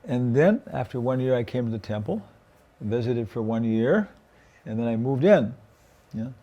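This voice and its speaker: A man's voice: medium pitch, lively intonation, moderate pace, mellow, muffled recording. A man casually recalling the past, often checking in with the listener. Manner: gravelly, checks in with "okay?" and "yeah?". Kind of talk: casual recollection.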